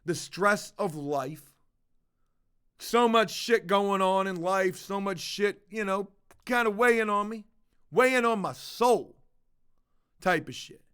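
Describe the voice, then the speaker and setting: A man's voice: sits high, slow pace, pauses often, a bit bright, smooth. A man livestreaming to his viewers, telling a confessional story in a blunt, profane, casual way. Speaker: livestreaming vlogger.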